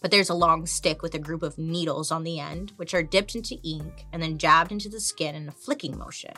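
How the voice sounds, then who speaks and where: Woman, 30s, podcast host, chatty, irreverent, bright voice, low-ish pitch. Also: fairly even intonation, brisk, soft background music. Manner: chatty, irreverent, swears casually. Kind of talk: casual history podcast narration.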